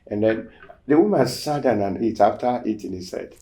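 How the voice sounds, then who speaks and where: A man hosting a show, casually telling a testimony story and acting out the quoted dialogue, swinging between loud emphasis and near-whispered asides. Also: lowish voice, lively intonation, normal speed. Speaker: show host.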